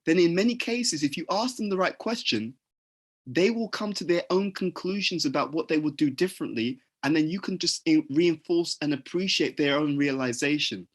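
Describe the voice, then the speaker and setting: A man's voice: fairly high pitch, moderate pace. A man giving a conversational talk on leadership, often restarting his sentences and acting out example conversations. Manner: acts out example dialogues, frequent restarts. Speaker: leadership teacher.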